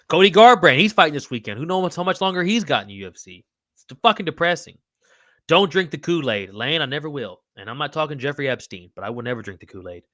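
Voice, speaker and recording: A man's voice: medium pitch, bright, forceful tone, dry recording, clean studio sound. A man hosting a casual livestream podcast, reading chat aloud in a loose, slangy, profane way. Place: home room with wall signs.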